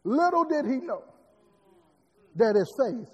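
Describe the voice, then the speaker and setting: A man's voice: very high-pitched, very animated, slow pace, slightly rough. A man preaching a sermon, repeating words and building emphatic rising lines. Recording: long hall reverb.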